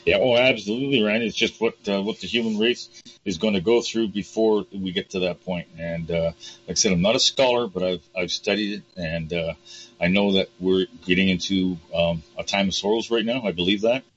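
A man in his sixties hosting a casual interview, relaxed and hesitant, with many fillers. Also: low-pitched, lo-fi sound. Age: 60s. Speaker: host.

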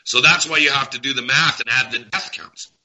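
A man speaks in a bright, sharp-edged voice, agitated and emphatic. He hammers his points home and repeats them, in the manner of a heated talk show rant. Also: mid-range voice, fairly even intonation, a little fast, highs cut off. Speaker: guest.

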